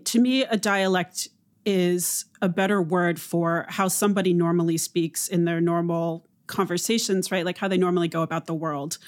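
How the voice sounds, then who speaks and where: A woman linguist speaks as a podcast guest with a lower voice. She explains in a measured, teacherly way. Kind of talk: podcast interview.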